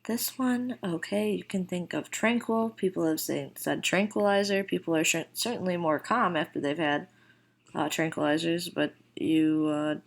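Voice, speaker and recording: A woman teaching a recorded Spanish vocabulary lesson, casually explaining and then slowly modeling each phrase. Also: lowish voice, creaky. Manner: slow, deliberate model phrases with casual fillers.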